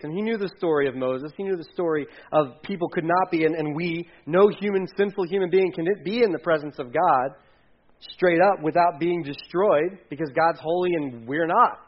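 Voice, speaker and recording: A man preaching a sermon in a casual, animated way, acting out quotes and sometimes dropping his voice low. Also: moderate pace, lo-fi sound. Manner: conversational, animated, acts out quotes, drops to hushed tones. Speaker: pastor.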